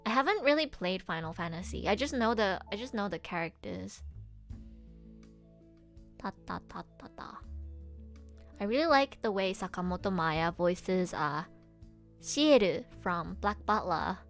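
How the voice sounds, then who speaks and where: A young woman, a voice actress, chatting casually on a live stream, gushing excitedly with frequent giggles. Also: mid-range voice, moderate pace, faint music behind. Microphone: laptop streaming setup.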